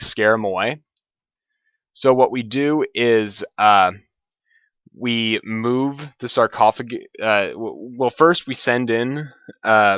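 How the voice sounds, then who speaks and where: A man's voice: fairly low pitch, no room sound. A man casually recapping a tabletop game session, rambling with lots of filler words and restarts. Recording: dull lo-fi home recording.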